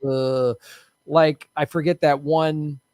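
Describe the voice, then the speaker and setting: A man's voice: on the high side, little pitch movement, takes it slowly, a little mellow, clean tone, no echo. Jokey man hosting a podcast. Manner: loose, profane, jokey, reads news aloud. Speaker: podcast host. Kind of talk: casual political chat.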